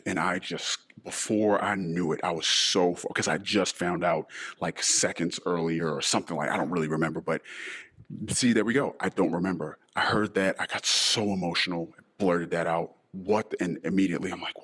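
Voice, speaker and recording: A middle-aged man hosting a personal monologue podcast in a deliberately disguised voice, talking in an emotional, halting way with sighs. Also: low voice, a bit bright, husky. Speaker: podcast host.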